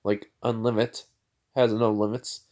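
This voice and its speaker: A calm, tired male teacher, as a storyteller voices him explains things in a measured, deliberate way. The voice stays close to the speaker's own. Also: on the low side, close to an everyday voice.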